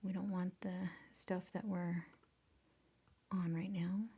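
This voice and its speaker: A woman's voice: fairly low pitch, flat delivery, slow pace, dark tone, slightly rough. A woman walking viewers through photo editing, drifting into whispers as she works and laughing at her own slip-ups. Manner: self-deprecating, often drops to a whisper while working. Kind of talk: casual screen-recorded tutorial.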